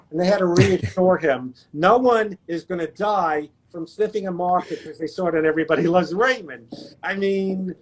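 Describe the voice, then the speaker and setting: High-pitched guy on a video call telling funny showbiz stories, kinda self-deprecating. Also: slight background noise. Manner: anecdotal, self-deprecating, does quick impressions. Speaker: guest actor. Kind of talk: casual storytelling chat.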